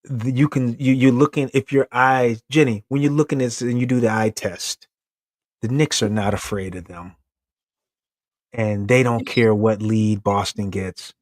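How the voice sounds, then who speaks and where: A man's voice: mid-range voice, steady tone, normal speed, dry recording, clean studio sound. A man co-hosting a casual sports talk show, joking, teasing and laughing between points. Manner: laughing, playful trash talk.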